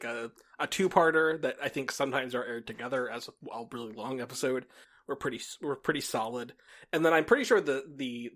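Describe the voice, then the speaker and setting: A man's voice: on the high side, fairly bright tone. Swearing, laughing male podcast co-host. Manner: profane, laughing, acting out quoted people. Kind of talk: casual chat.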